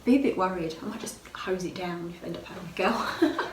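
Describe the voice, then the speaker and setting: A woman's voice: fairly low pitch, lively intonation, a little fast, background noise. A woman talking through her day in a chatty, rambling vlog diary with self-mocking asides. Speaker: vlogger.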